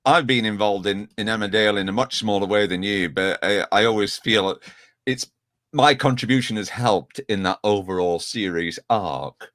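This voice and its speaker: A man's voice: lowish voice, normal speed, no room sound. A man hosting a chat show on a video call, reading out viewer messages and teasing his guests. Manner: lively, reads out viewer messages. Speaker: host.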